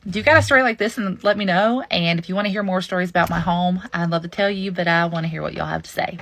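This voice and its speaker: A woman with a drawl shares a ghost story in a folksy, confiding manner. Her voice is bright and edged with a gravelly fry, and her pitch sits a little low for a woman. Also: quick pace, no echo. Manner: folksy, confiding, animated when quoting others. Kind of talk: casual personal storytelling to camera.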